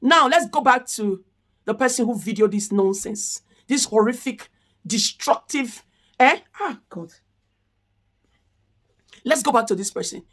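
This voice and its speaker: A woman's voice: a little high, lively intonation, moderate pace, a bit bright. A woman giving an impassioned commentary rant, firing off repeated rhetorical questions. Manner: indignant, repetitive rhetorical questions. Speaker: commentary vlogger.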